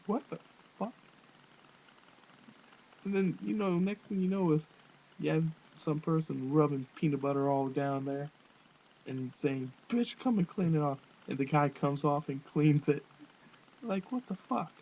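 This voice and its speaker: A man's voice: on the high side, a little slow, pauses often, a little mellow. A man giving a crude, rambling comedic rant into his webcam, often laughing. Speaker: vlogger. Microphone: webcam microphone. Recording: dull webcam audio with faint hiss.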